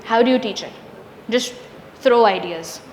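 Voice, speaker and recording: In a room full of long, echoing reverb, a woman runs a hands-on workshop for teachers. Her pitch is fairly high and her pace unhurried as she asks the group questions and checks their responses.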